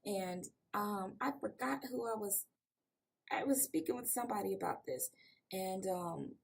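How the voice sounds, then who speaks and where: A woman's voice: medium pitch, expressive, unhurried, gravelly, breathy edge. An American woman hosting an interview podcast, chatting in a rambling way and laughing often. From United States. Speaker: podcast host. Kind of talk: casual interview chat. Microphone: remote call on video.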